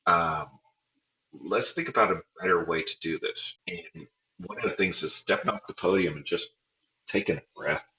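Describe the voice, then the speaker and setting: A man's voice: deep voice, normal speed, sharp tone, reverberant, a little hiss or hum, low-quality recording. A man, a former band director, telling self-deprecating stories in a casual interview and acting out quotes with a laugh.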